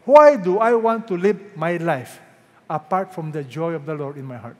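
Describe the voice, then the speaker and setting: Preaching man, high voice, long hall reverb. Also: expressive. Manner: preaching with rhetorical questions to the congregation; swings between loud emphatic peaks and hushed drawn-out quotes. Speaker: pastor. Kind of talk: sermon.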